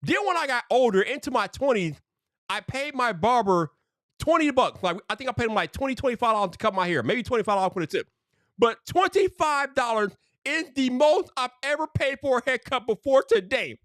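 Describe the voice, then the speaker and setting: Animated slangy male storyteller. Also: extremely high pitch, a little fast, no room sound, clean studio sound. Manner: animated, slangy, full of "bro". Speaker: streamer host. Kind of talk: casual storytelling.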